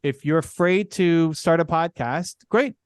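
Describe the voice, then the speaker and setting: A man's voice: a little high, unhurried, clean tone, no room sound, studio quality. A middle-aged man, a podcast guest, telling a candid personal story in an earnest way, full of "like" and "right?".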